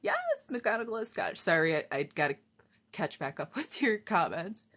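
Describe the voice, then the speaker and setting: A woman's voice: medium pitch, wildly swooping pitch, moderate pace, a bit bright. A woman chatting casually on a cosplay live stream, rambling and self-deprecating while she fixes a wig at home.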